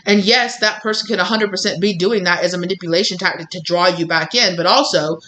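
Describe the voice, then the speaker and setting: Tarot reader ranting at the camera, blunt, swears a bit, bright tense voice, keeps repeating stuff for emphasis. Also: mid-range voice, fast. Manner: blunt and emphatic, repeats phrases, acts out what others say; swears casually. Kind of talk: tarot reading, direct address to viewers.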